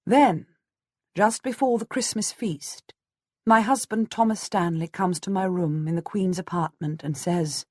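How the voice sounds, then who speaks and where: A woman narrating a historical audiobook in the first person, measured and earnest. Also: on the low side, a little mellow, husky, no room sound, studio quality.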